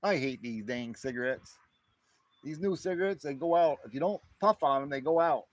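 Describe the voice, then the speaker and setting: Animated and on the high side, this man speaks at a normal speed with no room sound. He is in his fifties, from northern New York near the Canadian border, and hosts a rambling, casual livestream chat full of chuckles and repeated words.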